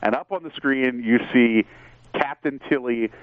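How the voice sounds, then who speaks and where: An excitable man hosting a chatty show talk, rambling eagerly from one point to the next. His voice comes through a thin, tinny line like a phone call. The sound is dry and close, with no room around it. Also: mid-range voice, unhurried, clean tone, dry recording. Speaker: podcast host. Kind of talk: casual TV discussion.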